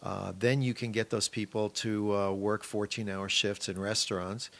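Gravelly-voiced man explaining calmly. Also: lowish voice. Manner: measured, explaining with wry asides. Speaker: guest expert. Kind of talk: explanatory interview talk. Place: small podcast studio.

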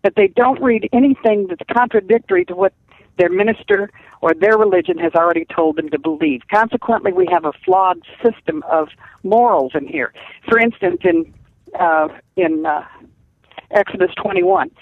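A woman's voice: medium pitch, lively intonation, moderate pace, vocal fry, no echo. An older woman, a guest calling in to a radio show, speaking bluntly and emphatically. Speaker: guest caller. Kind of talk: call-in radio talk. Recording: tinny phone line.

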